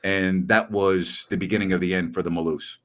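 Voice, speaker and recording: A middle-aged man and sports radio host telling a story in casual podcast chat, animated and acting out voices. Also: low-pitched, brisk.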